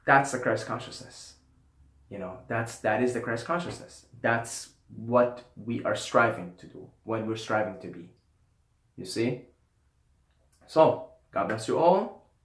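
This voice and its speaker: A man holds forth on spiritual love in a loose, profane, storytelling way, often sinking to a soft, low murmur. His voice sits at a middling pitch. The room around him rings with a noticeable echo. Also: lively intonation, a little slow. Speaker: YouTuber. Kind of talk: casual spiritual monologue to camera. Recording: roomy echo.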